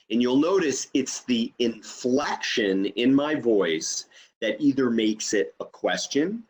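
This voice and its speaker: A man's voice: medium pitch, animated, slow. A man teaching an online training session over a video call, explaining step by step and checking in with "okay?".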